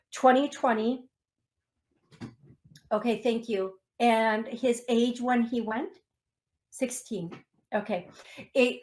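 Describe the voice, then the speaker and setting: A woman with an Upper Midwest American accent hosts a call-in radio show. She talks slowly and gently, with a slightly higher voice. She grows emotional now and then while reading listeners' messages. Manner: slow, gentle, emotional, reads chat messages aloud. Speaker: psychic medium radio host.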